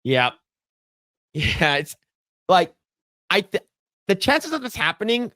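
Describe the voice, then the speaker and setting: Animated, profane podcast host man. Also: slow pace, dry recording, studio quality. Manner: animated, profane, acts out quotes in a loud high voice. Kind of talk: casual podcast chat.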